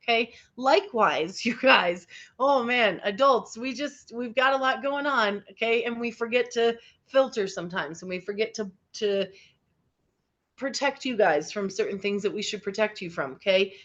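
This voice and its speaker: Woman, teacher, encouraging, slightly high voice, dull video-call audio. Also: moderate pace, fairly bright tone. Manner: upbeat and encouraging, often checking in with the group. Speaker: teacher leading a teen workshop. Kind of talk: interactive online lesson.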